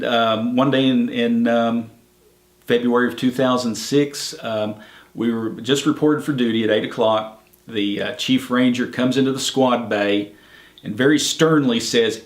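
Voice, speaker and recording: Flat-voiced man in an echoey room. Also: mid-range voice. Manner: plainspoken, easygoing storytelling with fillers. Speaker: park ranger. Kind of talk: oral history interview.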